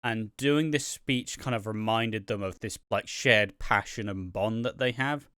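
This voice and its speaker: A man's voice: on the low side, a little slow, pushed and bright, smooth, no echo, clean studio sound. A man hosting a podcast, chatting casually about a soap opera with lots of "um"s and "like"s and some casual swearing. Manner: rambling, many "um"s and "like"s, casual swearing. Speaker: podcast host. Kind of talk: casual soap review chat.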